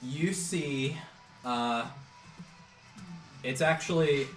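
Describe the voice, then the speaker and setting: A man narrating as game master of a tabletop game, halting, with many fillers and restarts. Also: a little high. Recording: roomy, distant mic, music behind.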